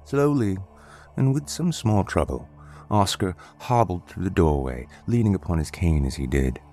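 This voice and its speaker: A man reading a story aloud as narrator, in a measured, descriptive way. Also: low voice, lively intonation, warm tone. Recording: faint background music.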